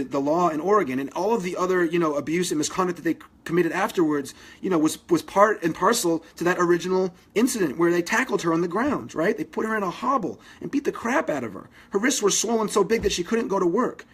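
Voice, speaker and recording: A man's voice: a little high, husky. A man hosting a live video, making an impassioned, urgent appeal to his viewers, with many fillers and restarts. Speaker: activist livestream host.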